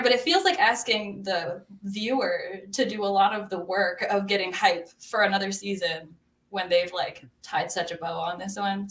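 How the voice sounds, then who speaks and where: A woman's voice: mid-range voice, a bit bright, echoey room, recorded from a distance. A woman co-hosting a casual podcast, thinking aloud in a rambling way. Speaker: podcast co-host. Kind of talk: casual chat.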